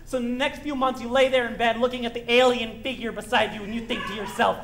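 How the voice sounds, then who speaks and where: A woman performs a stage play role as a lonely, middle-aged male musical fan, addressing the theater audience directly. She talks fast in a fairly even, somewhat high and bright voice, rambling and confiding with wry asides, over slight background noise.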